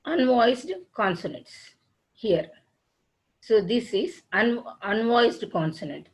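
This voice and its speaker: A woman's voice: fairly high pitch, lively intonation, takes it slowly, poor audio. A woman teaching phonetics in a classroom lecture, spelling out letters and words one at a time and restarting her sentences. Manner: repeats herself and restarts sentences.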